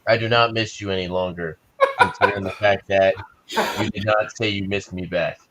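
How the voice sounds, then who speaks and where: A man's voice: lowish voice, steady tone, moderate pace, a bit bright, dry recording, rough recording. A man on a casual panel, teasing and joking with friends. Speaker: panel member. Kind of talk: casual chat.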